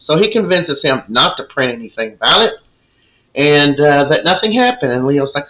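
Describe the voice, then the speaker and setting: A man's voice: a little high, sing-song, normal speed, fairly bright tone, low-quality recording. A man giving a casual, chatty recap of a soap opera episode, opinionated and full of fillers.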